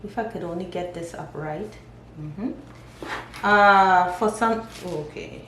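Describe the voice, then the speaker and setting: A woman giving a casual tarot reading, thinking aloud and reading out card meanings. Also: medium pitch. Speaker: tarot reader. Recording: echoey room, faint ambient noise.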